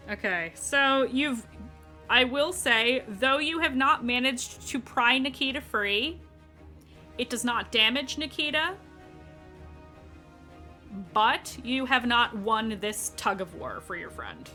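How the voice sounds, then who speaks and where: A woman running a tabletop game as dungeon master, with a bright, clear tone. She explains rulings and checks in with her players in a friendly, casual way. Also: a little high, lively intonation, slow pace, faint music behind.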